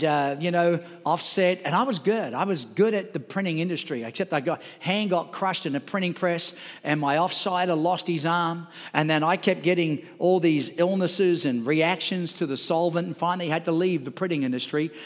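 A male pastor, preaching a sermon and telling a story in an animated way, his voice rising and getting louder as it builds. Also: on the high side. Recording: long hall reverb.

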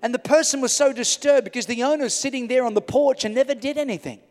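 A middle-aged male pastor preaching a sermon in a large church hall, swinging from loud to hushed. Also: very high-pitched, quick pace. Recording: reverberant church hall with music.

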